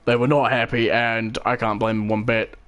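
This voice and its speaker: A man's voice: medium pitch, level tone, normal speed, fairly bright tone, clear, resonant tone. A young man, casually telling a rambling story with swearing and acted-out quotes. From New Zealand. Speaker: channel host. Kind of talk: casual storytelling while gaming.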